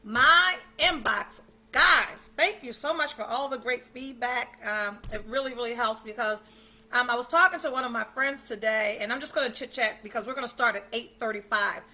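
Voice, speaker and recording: Speaking at a normal speed in a slightly high, sharp voice, this woman hosts a self-care livestream from her home. She chats casually, greets viewers by name with huge enthusiasm and lets the occasional swear word slip. She's the host of a self-care challenge, recording indoors.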